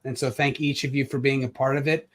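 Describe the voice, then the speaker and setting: A man who is an author, speaking earnestly and reflectively at a live launch event over a video call, with pauses and filler words. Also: mid-range voice, level tone.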